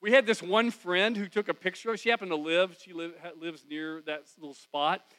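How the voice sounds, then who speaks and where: A man preaching in church as a pastor, telling a personal story in a conversational way that swings from loud to hushed. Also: high voice, fairly even intonation, fairly quick, poor audio. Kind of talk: storytelling sermon.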